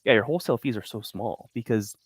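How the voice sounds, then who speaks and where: A man's voice: medium pitch, fast talker, husky, no echo. A young man chatting casually to stream viewers about real estate wholesaling, a little out of breath. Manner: upbeat, chatty, talks to viewers between calls. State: out of breath after push-ups. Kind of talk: casual live-stream chat. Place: small cold room indoors.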